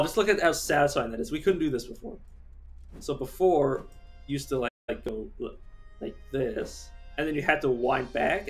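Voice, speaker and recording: A man giving casual, rambling commentary while streaming a game, chatty and given to casual swearing. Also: medium pitch.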